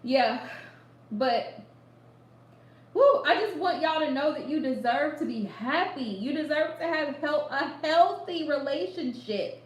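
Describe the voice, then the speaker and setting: A high-pitched woman talking straight to her viewers in a casual live chat. She is animated and drives her points home by repeating them. Her voice rings around an echoey room. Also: a little slow. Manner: animated, repeats lines for emphasis, laughs often. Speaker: livestream host giving readings.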